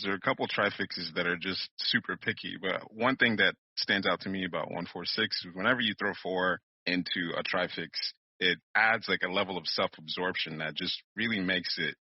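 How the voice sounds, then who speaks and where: Husky low-voiced man, blunt casual chat. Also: brisk, few pauses, no room sound, highs cut off. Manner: blunt, laughing, casual profanity. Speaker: podcast co-host.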